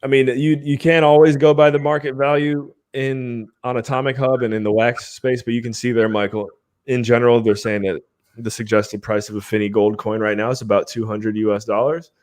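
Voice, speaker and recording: A man's voice: mid-range voice, little pitch movement, fairly quick, darkish tone. A man hosting a live podcast stream, chatting casually in an upbeat way and laughing often. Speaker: podcast host.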